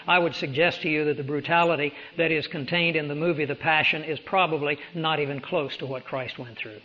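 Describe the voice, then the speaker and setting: A man preaching a sermon, earnest and urgent, asking rhetorical questions. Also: fairly high pitch. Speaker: pastor. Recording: dull lo-fi sermon recording.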